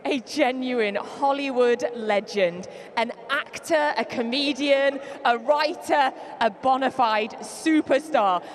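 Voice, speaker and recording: A woman presenting live from beside a football pitch, in a high, bubbly voice. She speaks outdoors, and loud ambient noise fills the background. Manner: bubbly, upbeat introductions. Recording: loud stadium crowd noise.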